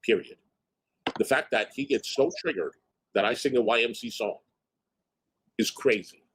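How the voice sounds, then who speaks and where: A man's voice: mid-range voice, normal speed, fairly bright tone, slight background noise. A man hosting a livestream, reacting to chat with blunt, wry commentary. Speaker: streamer host.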